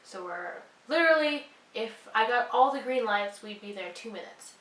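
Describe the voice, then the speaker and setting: A woman's voice: on the high side, expressive, normal speed, fairly bright tone, echoey room, far from the mic, low-quality recording. A young woman vlogger telling a personal story, earnest and apologetic, rambling with lots of fillers. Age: young adult.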